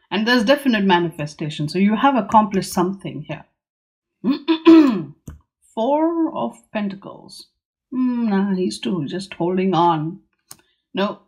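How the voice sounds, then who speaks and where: A woman hosting a tarot channel, talking casually and musingly as she goes through the cards, now and then acting out the figures on them. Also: medium pitch. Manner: musing, chatty, acts out the figures on the cards in quick asides. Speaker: tarot teacher and channel host.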